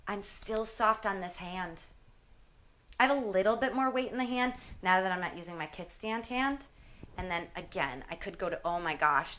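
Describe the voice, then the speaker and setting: A woman's voice: lowish voice, a bit bright. A woman in her forties, a fitness instructor, chatting casually while demonstrating exercises, sometimes strained from the effort. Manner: chatty, self-deprecating, talks while exercising. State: strained from exertion.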